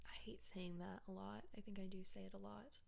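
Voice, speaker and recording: A woman's voice: mid-range voice, level tone, brisk, vocal fry. A young woman co-hosting a podcast, chatting casually, laughing often and filling her talk with "like". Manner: giggly, filler-heavy. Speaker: podcast co-host. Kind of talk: casual chat.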